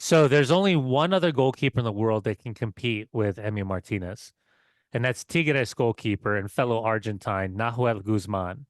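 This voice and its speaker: A man co-hosting a casual football podcast, telling excited, swearing stories with laughs. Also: on the low side, moderate pace, dry recording, clean studio sound. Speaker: podcast co-host.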